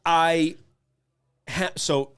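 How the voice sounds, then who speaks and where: A man's voice: on the high side, steady tone, drawn-out words, fairly bright tone, clean tone. A man co-hosting a casual podcast, rambling with frequent restarts and casual swearing. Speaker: podcast co-host. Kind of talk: casual chat.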